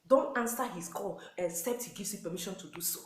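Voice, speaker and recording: Speaking briskly at medium pitch, a Nigerian-accented woman who is a pastor's wife exhorts wives on marriage in an earnest sermon style. She repeats her main points and acts out quotes, and the recording is rough and reverberant.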